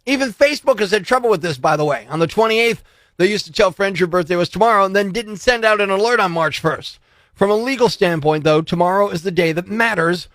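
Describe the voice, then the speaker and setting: High-voiced radio host, animated. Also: male voice, a little fast, no echo, clean studio sound. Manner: animated storyteller, laughs often. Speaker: radio morning show host. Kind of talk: casual radio talk and news jokes. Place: radio studio. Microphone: studio microphone.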